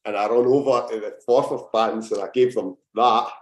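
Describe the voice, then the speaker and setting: A man's voice: medium pitch, steady tone, moderate pace. A young Scottish man, a podcast guest and former footballer, telling rambling anecdotes in casual chat with lots of fillers. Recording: roomy echo.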